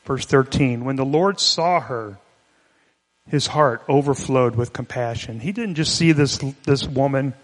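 Male pastor, conversational sermon, mid-pitched voice, long reverb of a church hall. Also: a little slow. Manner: conversational, explanatory, with restarts.

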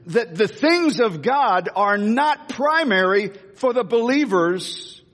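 A middle-aged man delivers a sermon in a fairly high voice, firing rhetorical questions at the congregation and breaking off into chatty asides. His voice carries a long reverb, as if filling a large hall. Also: animated, takes it slowly, hardly any pauses, a bit bright. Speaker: pastor.

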